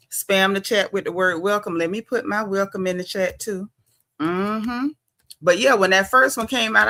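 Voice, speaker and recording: A woman with a Southern US drawl hosts her livestream, chatting casually and sassily with her viewers. Her voice is bright and forceful, with a medium pitch, and she calls out commenters by name between opinions. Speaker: livestream host.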